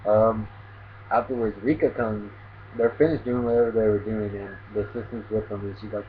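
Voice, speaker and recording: A man's voice: fairly low pitch, fairly even intonation, fairly quick. A man hosting his own anime review channel, retelling an episode in a casual, rambling way full of fillers. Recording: tinny phone-like audio, faint hiss.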